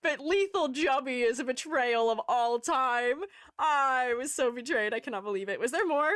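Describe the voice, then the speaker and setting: A woman's voice: high voice, animated, moderate pace, a bit bright, no room sound, studio quality. A young woman streamer chatting casually, giggly and mock-dramatic. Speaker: streamer and art educator. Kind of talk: casual live-stream chat.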